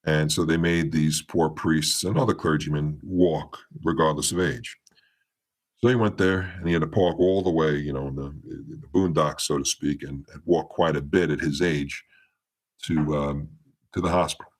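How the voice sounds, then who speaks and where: A man with a strikingly low, deep voice tells a long story as a podcast guest. He rambles and restarts his sentences, and his voice jumps up and down as he acts out what people said. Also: fairly even intonation, moderate pace. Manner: meandering retelling with many restarts, acting out quoted dialogue. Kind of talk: storytelling in a casual interview.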